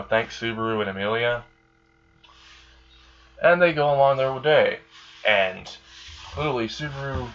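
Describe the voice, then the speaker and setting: A man's voice: medium pitch, fairly bright tone, dull audio. A man casually narrating an improvised fan story, rambling with many fillers.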